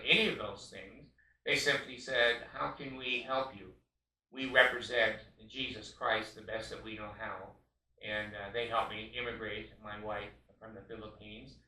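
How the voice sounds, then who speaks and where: Older guy ranting hard, tense sharp voice, keeps repeating himself, lots of uhs, echoey room. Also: mid-range voice, far from the mic. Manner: emphatic, repetitive, frequent uh fillers. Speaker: podcast host. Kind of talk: impassioned monologue.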